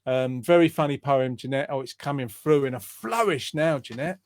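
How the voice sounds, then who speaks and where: A man's voice: medium pitch, moderate pace, darkish tone, no echo. Chatty male host, dry sound. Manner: rambling, hesitant, chatty, teasing. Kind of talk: casual online chat show.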